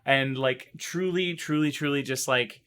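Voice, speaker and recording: A man chatting casually on a live stream, excitable and emotional, rambling and restarting, his voice still strained from recovering. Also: mid-range voice, unhurried, clear, resonant tone.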